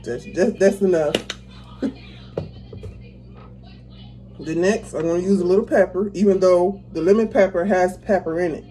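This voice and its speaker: Speaking at medium pitch and a normal pace, this home cook has a warm tone and pauses often as she guides viewers through each step of a recipe in her kitchen. The tutorial is relaxed and chatty, full of easy laughter, with faint music behind her and poor audio.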